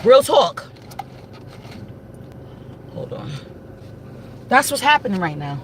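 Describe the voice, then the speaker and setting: Woman, casual livestream talk, emphatic and repetitive, speaking straight to viewers, mid-pitched, faint background hum. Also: big pitch swings, slow. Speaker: livestream host.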